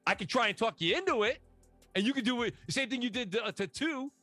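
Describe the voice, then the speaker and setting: A man chatting casually about video games, animated and slangy, telling stories with lots of asides. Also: very high-pitched, fast talker, dry recording, soft background music. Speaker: podcast guest. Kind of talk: casual gaming chat.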